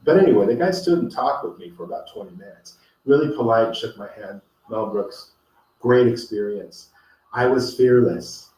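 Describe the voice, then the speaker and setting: A man's voice: mid-range voice, moderate pace, darkish tone. A man telling a personal story and giving a motivational talk, earnest and rambling, with many fillers and restarts. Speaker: host. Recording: echoey room, distant from the mic.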